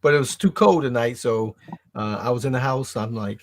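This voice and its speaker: A man's voice: mid-range voice, normal speed, a loud crowd. A man who is a guest on a casual live stream, speaking in a laid-back, hesitant way.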